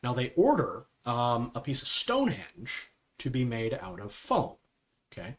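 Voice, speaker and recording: Brief: male film reviewer, casual and rambling, mid-pitched voice, full of fillers. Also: wildly swooping pitch, unhurried, fairly bright tone. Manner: rambling, with frequent fillers and "okay?" asides.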